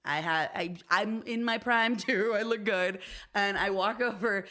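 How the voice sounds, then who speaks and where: A woman's voice: medium pitch, measured pace. A woman in her thirties co-hosting a podcast, telling stories in a casual chat and acting out the voices of the people in them. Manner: animated storyteller, acts out quoted voices, laughs often. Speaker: podcast co-host.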